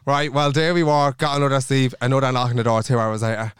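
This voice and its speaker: A man's voice: medium pitch, little pitch movement, fast, hardly any pauses, a bit bright, a little hiss or hum. A young Irish man co-hosting a podcast, telling stories in casual chat, acting out the people he quotes and swearing freely. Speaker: podcast co-host.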